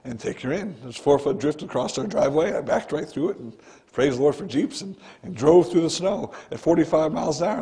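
A man preaching in a church with a slightly raised pitch and a dark, gravelly, fry-laden voice. His sermon is earnest and conversational, like talking straight to the congregation. He keeps circling back to address them directly. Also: animated, brisk. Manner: earnest, conversational preaching, often starting with "listen". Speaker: pastor. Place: church sanctuary.

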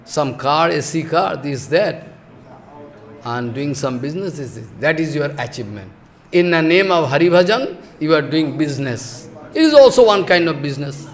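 High-voiced man with preaching. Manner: scolding, emphatic, mixes laughter and mock dialogue. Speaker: spiritual teacher. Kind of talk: sermon.

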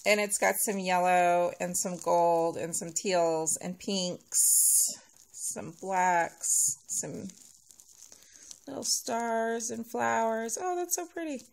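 A woman vlogger unboxing a package, sweet and gushing and thankful, sounding sleepy and a little hoarse. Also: on the low side, steady tone, extremely slow, a little hiss or hum. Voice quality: gravelly vocal fry. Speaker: nail vlogger opening a giveaway package. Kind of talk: casual unboxing chat.

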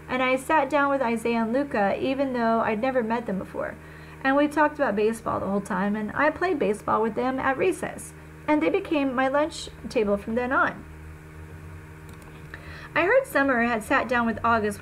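A woman reading a first-person novel aloud, conversational and expressive, with small slips. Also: sits high, a little hiss or hum, low-quality recording. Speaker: reader.

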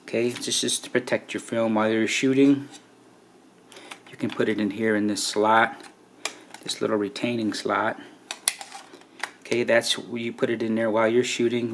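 A man with a fairly low voice talks through a camera's features in a relaxed, chatty way, often tossing in "right?" and "okay". A faint hiss sits under the recording. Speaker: camera reviewer. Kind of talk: casual hands-on camera walkthrough.

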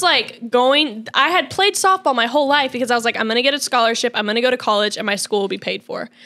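A woman's voice: high-pitched, pushed and bright. A young woman co-hosting a podcast, telling personal stories in casual chat full of "like". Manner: rapid, filler-heavy storytelling. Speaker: podcast co-host.

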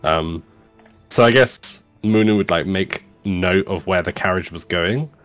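A man's voice: sits low, measured pace, fairly bright tone, dry recording, faint music behind. A man taking part as a player in a tabletop role-playing game over a voice call, speaking hesitantly with many ums and restarts.

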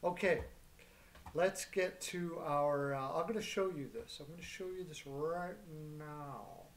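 A man hosts his own sports picks show in a loose, rambling style. He backtracks, corrects himself and fills the gaps with "uh" and "um". His voice sits a little higher than most men's. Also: unhurried. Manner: loose, rambling, full of fillers and restarts. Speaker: sports betting show host. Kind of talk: casual rambling commentary.

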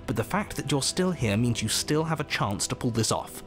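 A man's voice: medium pitch, expressive, fairly quick, lightly acted. A man voicing the stern, exasperated narrator of a horror game, speaking dryly and with command. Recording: game audio with loud music behind.

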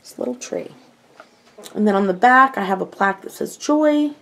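A woman's voice: medium pitch, lively intonation, normal speed, fairly bright tone. An older woman chatting casually through a home tour of her kitchen, rambling and self-mocking.

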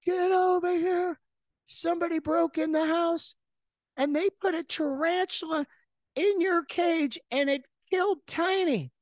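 A man voicing his panicked mother, shouting urgently for her son to come home. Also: steady tone, measured pace, no room sound. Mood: frantic. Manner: frantic, urgent, shrill.

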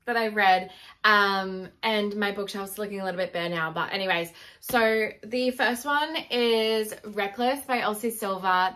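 A woman's voice: mid-range voice, fairly bright tone. Gushing young woman book vlogger. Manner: gushing, enthusiastic, many fillers. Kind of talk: casual chat.

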